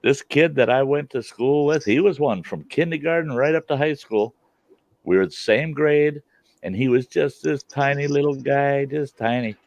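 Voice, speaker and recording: A man's voice: medium pitch, normal speed, no room sound. A middle-aged man hosting a casual chat, telling stories with frequent laughter. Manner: laughs often, animated storytelling. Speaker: host. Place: outdoors at a campfire. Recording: dull lo-fi sound.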